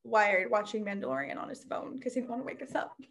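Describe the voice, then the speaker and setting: A woman who owns a pole dance studio, chatting casually and telling stories with lively quoted voices. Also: mid-range voice, a little fast. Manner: animated storyteller, quotes people with lively voices. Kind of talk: casual chat.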